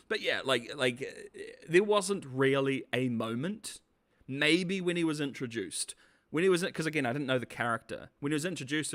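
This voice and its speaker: A man giving casual, sarcastic commentary as a video reviewer, laughing often and animated. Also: mid-range voice, moderate pace.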